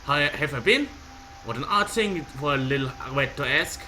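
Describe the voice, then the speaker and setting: A man voicing a spiteful, mocking young woman in a shrill, high-pitched, taunting voice. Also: animated, normal speed, pushed and bright, slight background noise, poor audio.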